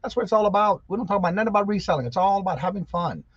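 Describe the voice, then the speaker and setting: A man's voice: sits high, expressive, very fast, breathy edge, no echo. A man in his sixties hosting a casual morning livestream, upbeat and greeting viewers one by one. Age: 60s. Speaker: live show host. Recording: dull lo-fi sound.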